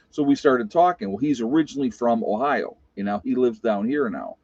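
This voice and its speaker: A man's voice: medium pitch, normal speed, few pauses, a little mellow, no room sound. A man from upstate New York, a vlogger talking back to viewer comments in a rambling, exasperated monologue full of fillers and restarts. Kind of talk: casual opinionated monologue. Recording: dull, dry lo-fi sound.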